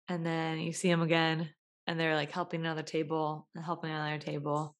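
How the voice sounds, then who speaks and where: A young woman giving a casual motivational talk, chatty, acting out everyday scenes with quick voice changes. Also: low voice, completely flat delivery. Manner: chatty, acts out little scenes with quick voice shifts.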